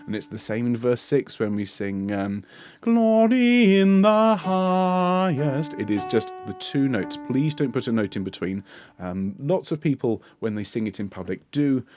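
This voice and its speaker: A middle-aged man coaching a bass section, patiently explaining and singing lines to show how they go. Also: normal speed, warm tone, soft background music. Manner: demonstrates sung phrases between spoken instructions; encouraging, patient. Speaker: choir director. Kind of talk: choir rehearsal coaching.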